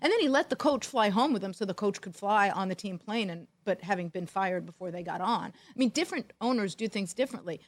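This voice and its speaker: Woman, middle-aged, sports talk co-host, wry, animated storyteller, medium pitch. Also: fairly quick, hardly any pauses. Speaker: podcast co-host, former football executive. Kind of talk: storytelling in casual chat.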